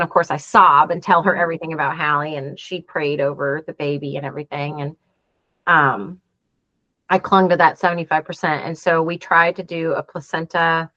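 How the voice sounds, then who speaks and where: A woman in her forties speaks in a fairly low voice, earnestly recounting events and playing out each quoted exchange. The sound is dry and a little muffled, with a lo-fi dullness. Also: sharp tone, no room sound. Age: 40s. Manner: earnest, acts out quoted dialogue. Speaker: interview guest. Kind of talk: emotional personal storytelling.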